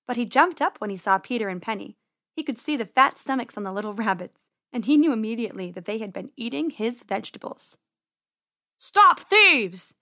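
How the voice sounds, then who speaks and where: A woman reading a children's story aloud in an expressive, lively way. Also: a little high, no echo, clean studio sound.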